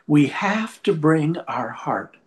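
A man preaching a sermon and telling a personal anecdote in a lively storytelling manner. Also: on the high side, slow pace. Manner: lively storyteller, shifts pace for effect.

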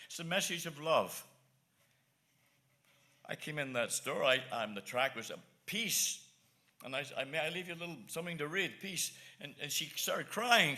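A man preaching a sermon as an evangelist, earnest and repetitive, swinging between soft asides and emphatic lines. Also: a little high.

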